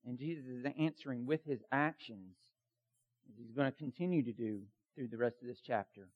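A man's voice: mid-range voice, fairly quick, muffled recording. A man preaching a sermon as a pastor, emphatic and conversational, with many fillers.

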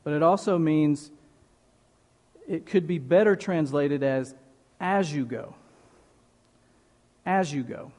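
A man preaching a sermon as pastor, slow and emphatic, leaning on repeated phrases. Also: fairly high pitch, a little mellow. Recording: long reverb of a large hall.

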